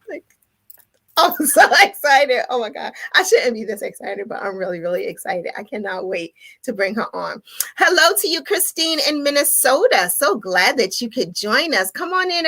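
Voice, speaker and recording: Bubbly New woman hosting a livestream. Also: on the high side. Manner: bubbly, excited, repetitive greetings. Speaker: livestream host. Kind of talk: livestream welcome, greeting viewers.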